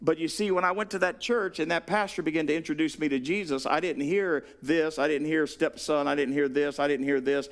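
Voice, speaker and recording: A man with a Southern US accent preaching a sermon, animated, acting out the voices he quotes. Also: fairly high pitch, brisk, few pauses. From Southern United States. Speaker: pastor.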